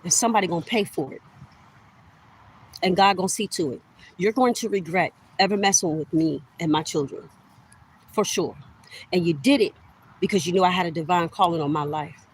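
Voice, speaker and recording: A woman's voice: lowish voice, brisk, pauses often, slightly rough, poor audio. A middle-aged woman ranting straight to camera in an accusatory, heated way, repeating herself for emphasis and addressing listeners as y'all. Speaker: vlogger. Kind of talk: direct-to-camera rant.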